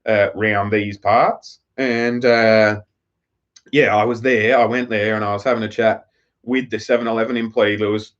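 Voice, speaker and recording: Speaking at a moderate pace with a steady tone, this fairly low-voiced Australian man spins a meandering, foul-mouthed tale during a laid-back live stream. The audio is lo-fi and a bit dull.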